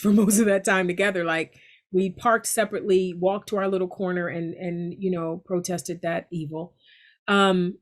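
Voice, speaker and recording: A middle-aged woman, an actress, chatting casually in an interview, lively and prone to laughter. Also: mid-range voice. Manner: lively and laughing, with frequent restarts. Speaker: actress guest.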